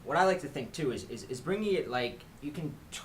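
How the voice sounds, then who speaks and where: Quick-talking rambling man host. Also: fairly high pitch, expressive, a little hiss or hum. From New Jersey. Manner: quick, rambling, many restarts. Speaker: dating coach host. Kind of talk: casual advice chat.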